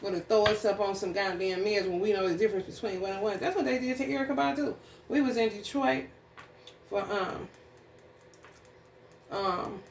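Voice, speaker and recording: Blunt, profane woman in an echoey room. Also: medium pitch. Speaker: astrology reader. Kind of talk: casual spiritual reading and rant. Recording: echoey room, distant mic, faint noise.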